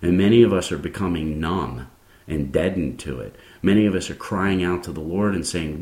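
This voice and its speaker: A man's voice: sits low, moderate pace, a little mellow, roomy sound. A man hosting a Christian podcast, preaching in an earnest, rambling way with many restarts and fillers.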